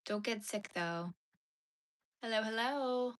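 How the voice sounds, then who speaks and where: A young woman crochets during a casual live stream, chatting with her viewers. Her voice is fairly high-pitched and her pace slow, and she gets tearful talking about sad dog movies.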